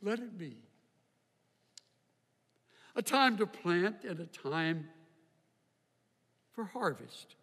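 Older guy preaching, kinda high voice, slow and thoughtful, big echoey hall. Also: fairly bright tone. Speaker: pastor. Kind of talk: sermon. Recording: hall reverb.

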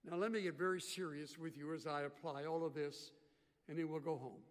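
A man preaching a sermon, swinging from loud emphatic bursts to quiet earnest asides. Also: on the high side, fairly even intonation, brisk, big-room sound. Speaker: pastor.

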